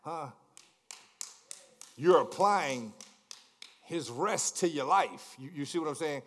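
A man preaching a sermon, repeating words in stammering restarts, asking the congregation questions and swinging from hushed lines to shouted climaxes. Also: fairly high pitch, animated, slow, slight background noise. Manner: repetitive stammering restarts, call-and-response questions. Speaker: pastor.

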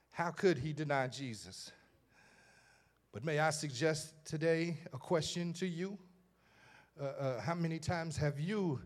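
Man preaching a sermon; high, bright voice, fervent build with stammered repeats. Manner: preaching cadence with repeated stammers and rising fervor.

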